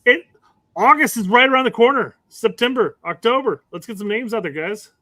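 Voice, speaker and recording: High-voiced wry man co-hosting a podcast. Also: expressive, brisk, bright, forceful tone, no room sound. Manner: wry, self-mocking, mimics announcements. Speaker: podcast co-host. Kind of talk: casual soccer chat.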